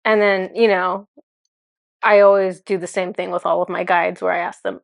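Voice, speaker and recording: This is a young woman who speaks in a low voice. She recounts her channeling session in a casual, earnest way and uses many fillers. The sound is dry and close. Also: flat delivery, gravelly, no room sound. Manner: earnest, fast, with frequent "like" fillers. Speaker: spiritual channeler.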